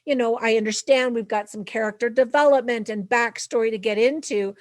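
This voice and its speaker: Speaking a little high and a little fast with no echo, this channel host delivers a casual, upbeat film review to camera. She's chatty and includes advice for parents.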